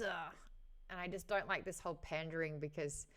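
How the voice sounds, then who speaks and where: Lady host of a book chat, kinda low voice, animated, swears a lot, laughs a bunch. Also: moderate pace, smooth. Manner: chatty, animated, swears freely, laughs often. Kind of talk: casual book discussion.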